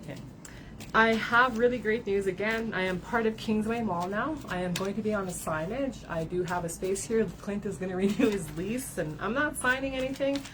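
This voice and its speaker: A woman's voice: medium pitch, moderate pace, noisy background. A woman giving a card reading to her followers, talking candidly, swearing and often tagging her sentences with "right?", at times close to tears. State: tearful at times. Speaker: card reader and spiritual advisor. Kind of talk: emotional livestream talk to followers.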